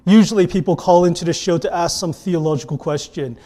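A man preaching a sermon as a pastor, earnest, moving between emphatic lines and hushed ones. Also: fairly high pitch, fairly quick, hardly any pauses.

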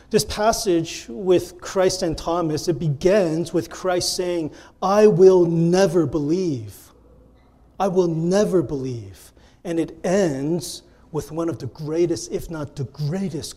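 Mellow-voiced man preaching a sermon. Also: fairly high pitch, husky. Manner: earnest, repeats key phrases for emphasis. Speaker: pastor.

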